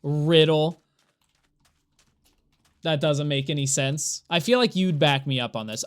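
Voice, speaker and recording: During a live gameplay stream, a streamer keeps talking to chat as they play, rambling and exasperated, with frequent laughter. They speak at a medium pitch and measured pace, leaving long pauses.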